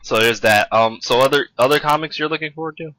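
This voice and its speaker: A man's voice: mid-range voice, fast, pushed and bright, slight background noise, rough recording. A young man co-hosting a podcast, chatting casually about comics with many restarts and fillers. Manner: rambling, restarts a lot, chatty. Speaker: podcast co-host. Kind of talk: casual chat.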